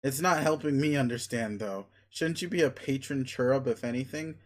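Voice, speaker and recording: A man's voice: mid-range voice, moderate pace, lightly acted. A man reading a webcomic aloud, voicing an earnest young man who hesitates and blurts out old-fashioned folksy exclamations. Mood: flustered.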